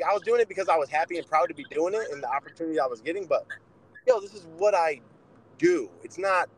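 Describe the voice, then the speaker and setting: A young man with a slightly high voice talks in a loose, swearing, no-nonsense way. He co-hosts a casual podcast and tells stories about fighting with blunt energy. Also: fairly bright tone, slight background noise, low-quality recording. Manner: profane, blunt storytelling. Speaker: podcast co-host, boxer.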